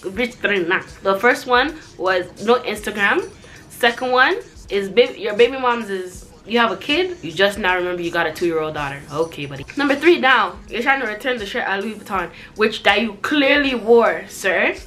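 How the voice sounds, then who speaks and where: A young woman tells a dating story straight to camera in a bright, cutting voice. She swings between high outraged bursts and low, muttered asides. Soft music runs quietly behind her. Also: normal speed. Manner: animated, sarcastic, jumps high in pitch when outraged. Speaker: vlogger. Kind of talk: storytime chat.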